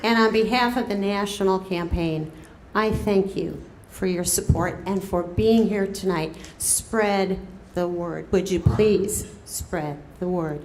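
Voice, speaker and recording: Speaking in a mid-range voice, a woman who co-chairs the campaign works up a crowd at a cafe event room, stretching her words and lifting her calls to the listeners. Background noise, echo and crowd murmur fill the recording.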